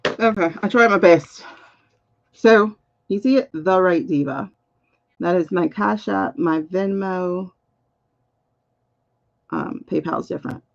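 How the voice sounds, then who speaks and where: Speaking slowly with vocal fry and long pauses, a woman with a fairly low voice reads cards on a livestream, and the audio's highs are cut off. She keeps the chat casual, muttering under her breath as she sorts links.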